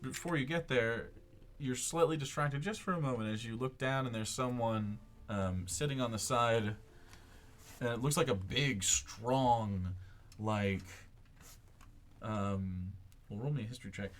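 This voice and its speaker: A man's voice: mid-range voice, unhurried. A man narrating a tabletop game as game master, laid-back and full of filler words.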